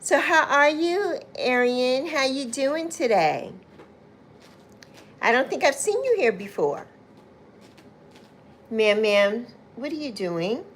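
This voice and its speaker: A woman chats unhurriedly with viewers on her livestream. Her voice sits a little high and her pace stays slow. She greets people by name with easy endearments. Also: very animated, slight background noise. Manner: warm, chatty, calls viewers "my love" and "honey". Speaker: livestream host.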